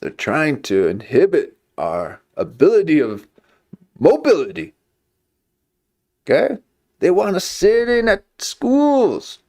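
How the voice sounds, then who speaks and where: A man doing a high-pitched voice of a preachy ranting man who lectures the folks. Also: huge pitch swings, slow, pauses often, warm tone, heavily acted.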